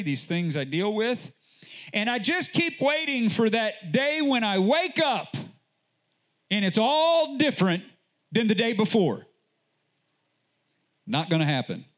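A man pastor delivering a sermon at an unhurried pace. His voice sits high and climbs higher when he presses a point. He drives his message home with repeated rhetorical questions. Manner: slow, deliberate delivery with sudden rises in pitch.

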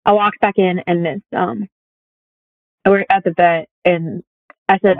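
A woman's voice: fairly low pitch, fairly even intonation, a little slow, pauses often, no echo. A young woman chatting casually as a guest and telling personal stories with lots of fillers. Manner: chatty storytelling with many fillers. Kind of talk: casual conversation. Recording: tinny phone-like audio.

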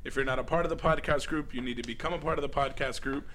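A man's voice: medium pitch, steady tone, fast talker, a bit bright, slight background noise. A man hosting a casual podcast, joking around and swearing freely with his co-hosts. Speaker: podcast host.

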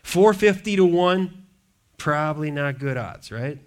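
A man preaching a sermon, reading scripture aloud and breaking off into joking asides, swinging from hushed to loud. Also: a little high, animated, measured pace. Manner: reads scripture then riffs with humor and asides. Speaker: pastor.

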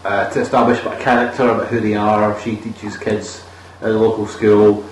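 A man's voice: fairly low pitch, little pitch movement, a little fast, slight background noise. A man with a Scottish accent recapping a bad film in casual, sweary chat, acting out the characters in voices. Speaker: podcast co-host. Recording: echoey room, far from the mic, faint ambience.

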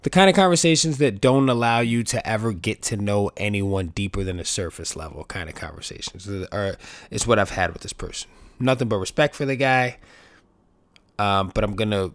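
A man's voice: on the low side, normal speed, no room sound. A man hosting a podcast, talking in a casual, rambling monologue full of swearing, with his voice jumping up when he acts out other people. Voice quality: profane, rambling, animated when quoting others. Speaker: podcast host.

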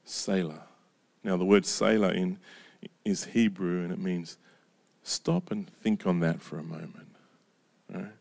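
A man preaching a sermon in a conversational way, checking in with the congregation through frequent rhetorical questions and reading scripture slowly, his voice dropping low and quiet at reflective pauses. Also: creaky. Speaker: pastor.

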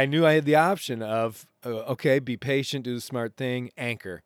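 A man hosting a podcast, casually retelling an adventure in a rambling, animated way with self-interrupting restarts. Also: mid-range voice, moderate pace, hardly any pauses, clear, resonant tone, no echo, clean studio sound. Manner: rambling, animated retelling with laughs and acted quotes. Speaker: podcast host. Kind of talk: casual storytelling monologue.

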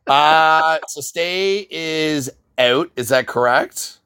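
A man's voice: on the high side, sharp tone, clean tone. A man co-hosting a casual podcast chat, swearing often and thinking aloud as he weighs his picks. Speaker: podcast co-host.

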